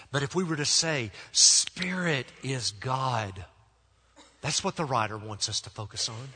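A man preaching a sermon as pastor. He speaks emphatically, with deliberate pauses, and often drops to soft, low tones. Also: breathy edge. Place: church sanctuary. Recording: long church reverb.

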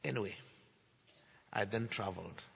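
A man preaching a sermon, telling a story and acting out the dialogue, building to loud declarations. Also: lowish voice, normal speed, vocal fry, slightly rough. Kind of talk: sermon testimony. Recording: long hall reverb.

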